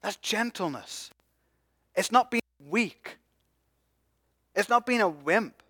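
A man preaching a sermon as pastor, passionate, swinging from hushed asides to loud emphatic peaks. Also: high-pitched, lively intonation, slow, slightly rough, no echo, studio quality.

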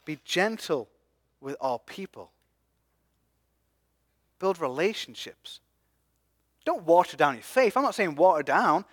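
A man preaching a sermon as pastor, passionate, swinging from hushed asides to loud emphatic peaks. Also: on the high side, lively intonation, takes it slowly, pauses often, no echo, clean studio sound.

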